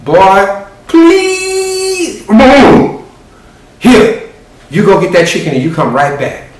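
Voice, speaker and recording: A man's voice: sits high, big pitch swings, takes it slowly, faint music behind, pitched above the performer's own voice, heavily acted. A man voicing an exasperated mother who scolds her teenage son. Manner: scolding, raised voice. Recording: very echoey room, distant mic.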